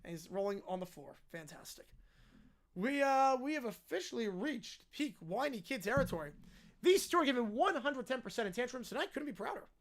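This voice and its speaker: A man hosting a parody game show with deadpan, wry asides. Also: extremely high pitch, a little fast. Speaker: host.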